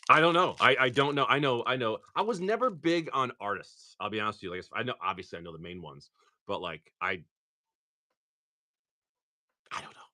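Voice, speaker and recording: Lively chatty man opening card packs. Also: medium pitch, fast talker. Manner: chatty, swearing, reads off card names. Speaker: livestream card-pack opener. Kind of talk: casual livestream chat.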